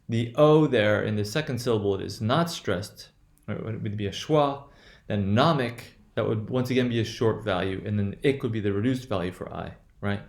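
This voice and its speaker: A man's voice: lowish voice, reverberant. A man teaching English word stress in a recorded lecture, checking in with "right?" after nearly every point, with lots of fillers and restarts. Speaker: pronunciation teacher.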